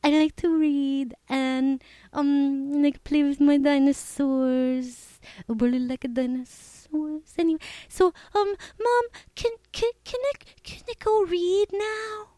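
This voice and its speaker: A timid, sweet little boy stammers and trips over his words in a high, small voice, as a woman puts him on. The sound is close and dry, with no room around it. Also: steady tone, takes it slowly, warm tone, no echo.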